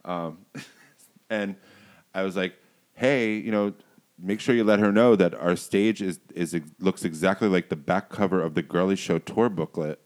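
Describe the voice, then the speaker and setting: A man, a DJ guest, chatting casually and telling rambling, animated stories. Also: low-pitched, measured pace. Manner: rambling, trails off, animated storytelling. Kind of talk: casual chat.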